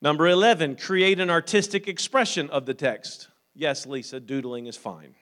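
A man preaching a sermon as pastor, growing loud and emphatic at times, then calm and practical with plain fillers and repeats. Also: a little high, normal speed. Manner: frequent fillers and repeated words.

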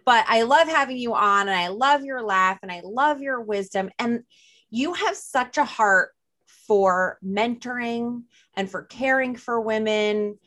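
A woman's voice: on the high side, unhurried, fairly bright tone. Chatty woman with a Jersey accent. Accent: New Jersey. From New Jersey. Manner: chatty, lots of "like" and "you know". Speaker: podcast host. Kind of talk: casual chat.

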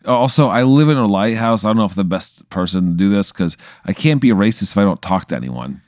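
A man trading relaxed comic banter as a podcast guest, laughing easily. His voice sits low but moves a lot, recorded close and dry. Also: fast, no echo. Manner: laid-back, laughs often. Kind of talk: casual comedy banter.

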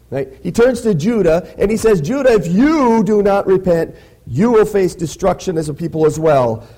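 A man's voice: a little high, dark tone, slightly rough. A man preaching a sermon in a conversational way, often checking in with "right?". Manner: conversational, peppers lines with "right?". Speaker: pastor.

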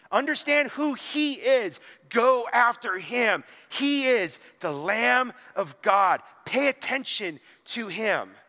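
Male pastor preaching casually, high-pitched, church hall echo. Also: bright, forceful tone. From small town. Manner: conversational, frequent "like", acts out quotes with sudden emphasis. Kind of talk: sermon. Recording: long hall reverb.

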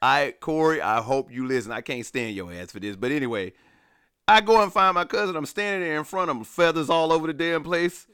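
Man, casual podcast storyteller, animated, acted-out quotes, dry close mic. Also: on the high side, brisk, clear, resonant tone, no room sound. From Alabama. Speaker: podcast co-host.

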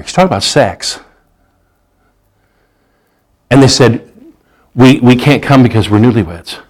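Preaching man, lifts his voice for scripture. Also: rough recording. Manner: reads scripture aloud in a raised, slowed voice, then drops to a low conversational aside; repeats and restarts words while preaching. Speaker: pastor. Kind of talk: sermon.

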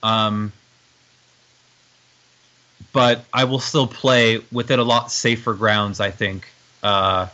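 A man's voice: lowish voice, steady tone, takes it slowly, pauses often, sharp tone, highs cut off. A man who is a guest in an interview, speaking reflectively and hesitantly, often restarting his sentences. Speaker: guest, strength coach and nutrition formulator. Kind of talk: conversational interview.

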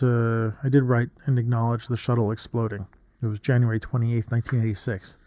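In a dry, studio-quality recording, a fifties-aged photographer with a warm, medium-pitched voice reads from an old journal. He talks casually and reflectively, rambling along with frequent restarts and asides.

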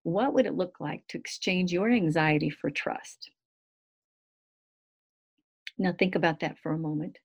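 A middle-aged woman giving an earnest devotional teaching, slowing to soft, quiet phrases at times. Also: fairly low pitch. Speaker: Christian teacher.

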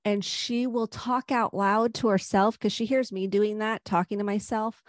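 A middle-aged woman psychotherapist, a podcast guest, gives earnest, gentle advice on parenting and anxiety. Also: mid-range voice, fairly even intonation, moderate pace, few pauses, no room sound, studio quality. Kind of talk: podcast interview.

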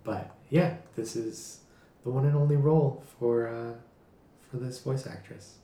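A man co-hosting a podcast, chatting casually and reading out facts in a hesitant, low-key way. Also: steady tone, a little slow, warm tone. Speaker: podcast co-host. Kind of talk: casual chat. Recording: roomy echo.

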